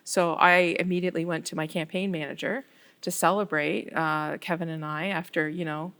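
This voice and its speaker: Woman, lowish voice, middle-aged, animated storyteller, councillor chatting in an interview. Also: normal speed, smooth. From Canada. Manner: animated storyteller, acts out quoted dialogue. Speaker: ward councillor, guest. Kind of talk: casual interview chat.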